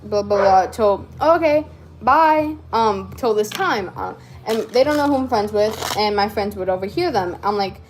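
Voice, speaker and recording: A woman's voice: mid-range voice, moderate pace, hardly any pauses, noisy background. A teenage girl telling a rambling, slangy story while crafting, with lots of fillers and laughs. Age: teens. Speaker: vlogger.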